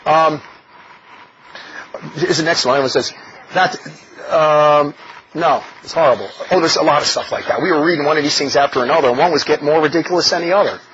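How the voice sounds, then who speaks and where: A man preaching a sermon in an animated, mocking way, often laughing as he talks. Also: a little high, fairly quick. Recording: dull lo-fi recording with faint noise.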